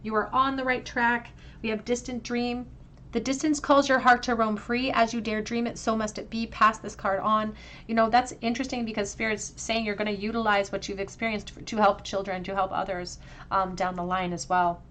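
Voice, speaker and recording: A woman's voice: fairly high pitch, little pitch movement, normal speed, fairly bright tone, slight background noise. A woman giving a pick-a-card tarot reading, speaking straight to the viewer in an earnest, emotional way and talking with braces. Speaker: tarot reader.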